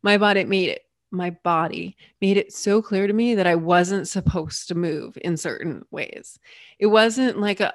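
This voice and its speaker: A woman hosting a solo podcast tells a personal story in an expressive, lively way. She acts out quoted voices and drops into whispered asides. The sound is dry and close, with no room echo. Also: medium pitch, moderate pace. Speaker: podcast host.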